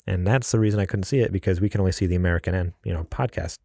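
A man's voice: low voice, rapid-fire, vocal fry, warm tone, dry recording, clean studio sound. A man co-hosting a casual gaming podcast, talking in a laid-back, rambling way with lots of fillers. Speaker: podcast co-host.

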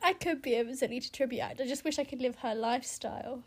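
A young woman with a high, bright-sounding voice co-hosts a podcast in easy chat. She tells stories with energy and slips into playful voices for the people in them. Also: fast, breathy edge. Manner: excitable storyteller, acts out voices. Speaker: podcast co-host. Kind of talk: casual chat.

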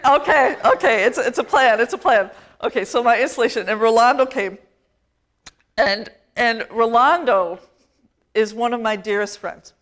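Chatty woman priest, slightly high voice. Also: normal speed, a bit bright. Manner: chatty, self-deprecating, laughs often. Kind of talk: conversational sermon.

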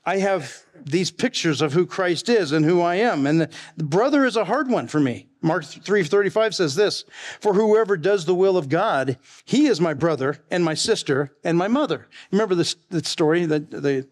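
Middle-aged male pastor, fairly high voice, folksy storyteller in the pulpit. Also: lively intonation, normal speed. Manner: folksy, chatty, laughs at his own stories. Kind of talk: sermon with storytelling.

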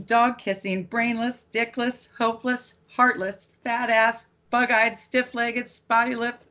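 A woman doing an impression of a frantic middle-aged dad in a furious holiday rant, firing off a rapid string of insults. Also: on the high side, fairly bright tone, pitched above the performer's own voice.

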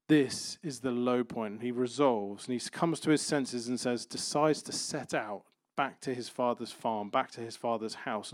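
A man's voice: mid-range voice, no room sound, studio quality. Man preaching a conversational sermon. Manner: conversational preaching with playful everyday examples. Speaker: pastor.

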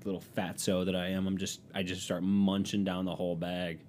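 Man, low voice, podcast host, casual profane rambling, self-deprecating comic monologue, faint background rumble. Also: flat delivery, a little fast, a little mellow. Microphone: podcast microphone.

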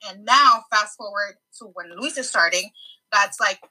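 Bright-voiced young woman telling a story. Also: medium pitch, moderate pace, slight background noise, rough recording. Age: young adult. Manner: animated, mixes Spanish into English, swears. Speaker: podcast co-host. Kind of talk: casual storytelling chat.

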